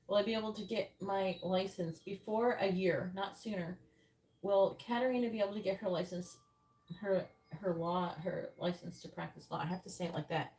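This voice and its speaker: A woman's voice: medium pitch, darkish tone, low-quality recording. A woman doing a live-stream tarot reading, talking bluntly and swearing often as she explains how to word questions. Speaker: psychic tarot reader.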